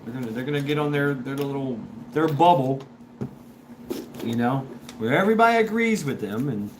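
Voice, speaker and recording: A man's voice: medium pitch, moderate pace. A man hosting a casual livestream, reading chat and rambling in a stop-start way, repeating words and chuckling. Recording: steady background noise.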